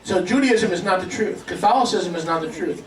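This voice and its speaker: A man's voice: high voice, a little fast, a bit bright. A man preaching a sermon to a congregation, emphatic and calling for responses. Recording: echoey room, mic at a distance.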